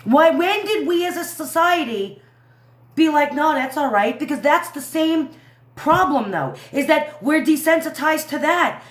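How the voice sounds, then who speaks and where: A woman's voice: sits high, animated, a little slow, reverberant. A woman hosting a livestream who rants angrily with heavy swearing and keeps trailing off and restarting. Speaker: livestream host. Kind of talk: angry live commentary.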